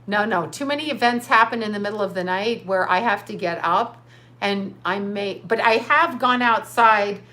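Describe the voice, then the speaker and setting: A woman's voice: medium pitch, moderate pace, pushed and bright. Profane rambling woman livestreamer. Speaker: livestream host; psychic. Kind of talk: casual livestream chat reading viewer comments.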